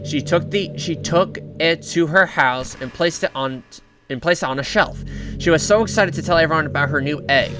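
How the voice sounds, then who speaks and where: A young man casually reading a fan story aloud and reacting, rambling and correcting himself, with excited shout-outs. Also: a little high, moderate pace. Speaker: channel host reading fan lore. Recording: music playing underneath.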